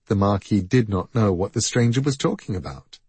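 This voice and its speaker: A man reading a story aloud in measured, expressive scripted narration. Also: lowish voice, husky, dry recording. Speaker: audiobook narrator.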